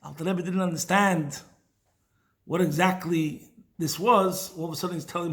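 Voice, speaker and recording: A man giving a weekly Torah talk, telling a Chassidic story in a lively way and dropping in Hebrew and Yiddish words. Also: a little high, normal speed. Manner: animated storyteller mixing in Hebrew and Yiddish terms. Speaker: teacher of Chassidic thought.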